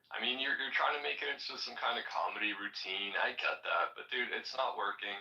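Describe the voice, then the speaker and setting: Man, live stream host, heated debate, exasperated, mocking, very bright sharp voice, distant echoing mic. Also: mid-range voice, normal speed.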